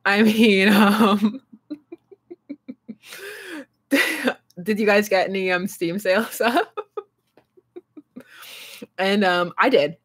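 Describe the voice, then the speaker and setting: A woman's voice: medium pitch, takes it slowly, pauses often, breathy edge. A young woman live streaming and chatting casually with her viewers, rambling and laughing often as she answers chat. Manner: reads and answers chat aloud.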